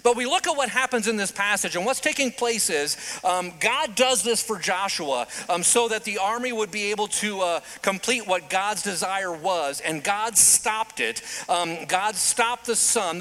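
A man preaching a sermon, telling the story with animated delivery and dramatic pauses. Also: high-pitched.

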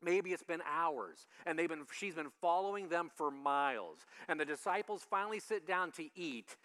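A male pastor giving a conversational sermon, lively and acting out the voices he quotes. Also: on the high side, moderate pace, clear, resonant tone. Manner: animated, acts out quoted voices.

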